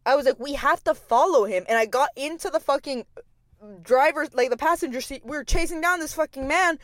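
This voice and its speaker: A woman's voice: high-pitched, brisk, no room sound. Chatty young woman podcast host, dry sound. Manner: rambling, profane, filler-heavy; expressive storyteller. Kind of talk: casual monologue.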